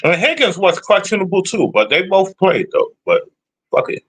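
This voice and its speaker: Brash streamer guy, bright, lively voice, swears constantly while trash-talking. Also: high-pitched, normal speed, breathy edge. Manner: profane, blunt, trash-talking. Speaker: streamer answering chat. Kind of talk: casual sports rant.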